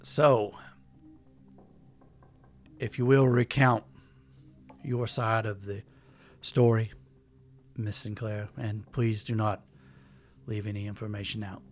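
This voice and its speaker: A man's voice: lowish voice, flat delivery, slow pace, long pauses, faint music behind. A man voicing a stern male judge in a tabletop game, formal and commanding.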